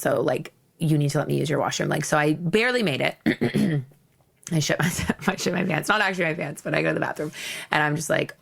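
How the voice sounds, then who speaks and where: Low, gravelly-voiced young woman podcaster. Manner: blunt, theatrical, laughs often. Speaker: podcast host. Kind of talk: candid storytelling monologue.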